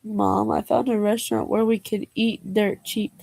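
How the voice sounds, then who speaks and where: A woman's voice: medium pitch, little pitch movement, moderate pace, gravelly, dark tone, no echo. A young woman vlogger reading jokes aloud in a casual way, laughing and groaning at them and adding slangy asides.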